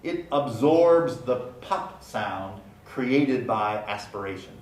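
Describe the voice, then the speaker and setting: A man lecturing on phonetics, speaking deliberately and repeating example words to demonstrate sounds. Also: mid-range voice, lively intonation, darkish tone. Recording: echoey room, mic at a distance, faint ambience.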